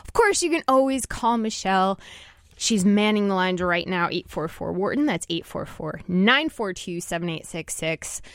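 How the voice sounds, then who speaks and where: A woman's voice: mid-range voice, lively intonation, normal speed, no echo. Upbeat woman radio host, chatty, mid-range voice, close and dry. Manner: upbeat and chatty, laughs often. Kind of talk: radio talk show. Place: radio studio.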